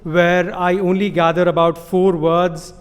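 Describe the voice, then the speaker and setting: A man's voice: high voice, flat delivery, a little slow, clear, resonant tone. A man in his thirties with an Indian accent, telling a personal story on stage with amused, self-deprecating humor and frequent chuckles. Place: stage in a large hall. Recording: live hall with long reverb.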